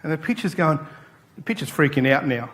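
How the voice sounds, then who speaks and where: A pastor preaching in a church, his voice sitting a little high for a man. He tells stories with energy and acts out the voices of the people in them. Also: a little fast. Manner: animated storytelling, acting out quoted voices. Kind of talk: sermon.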